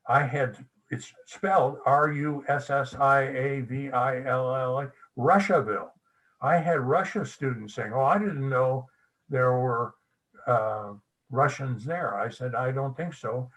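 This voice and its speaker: An older man giving a casual, anecdotal history talk to a club, a folksy storyteller at an everyday mid pitch. He spells names out letter by letter. He is heard in a meeting room. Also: fairly bright tone, low-quality recording. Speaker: guest speaker.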